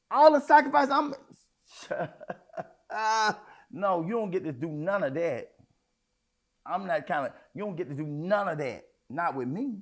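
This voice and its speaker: Gravelly high-voiced man preaching. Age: middle-aged. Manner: conversational preaching with sudden emphatic outbursts. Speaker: pastor. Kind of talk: sermon.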